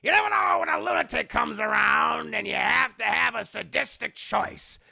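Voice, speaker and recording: Comic villain voice, a snarling goblin drawling threats as a streamer puts him on. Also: male voice, very high-pitched, expressive, creaky, no room sound, clean studio sound, voice pushed up, heavily acted. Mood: menacing. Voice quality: growling, drawn-out shouting. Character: snarling male goblin villain, gleeful and menacing.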